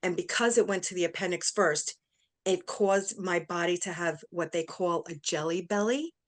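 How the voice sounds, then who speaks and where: A woman's voice: fairly low pitch, moderate pace. Middle-aged woman, interview guest, emotional first-person storytelling, performs quoted voices.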